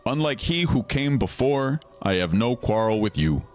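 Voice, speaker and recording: A man voicing an ominous masked emissary in a slow, solemn, lowered voice. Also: lively intonation, darkish tone, natural voice. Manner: low, slow, solemn delivery, self-admittedly weak villain voice.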